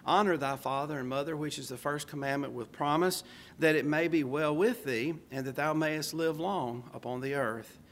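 An older man delivers a sermon, earnest and measured, dropping in homespun asides. His voice sits a touch high for a man, and a faint hiss runs under the recording. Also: fairly bright tone. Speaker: preacher.

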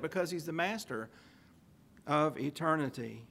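A man's voice: fairly high pitch, moderate pace, a bit bright. A man preaching a sermon, reading old-style scripture aloud with emphasis and asking rhetorical questions. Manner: emphatic, stressing key phrases.

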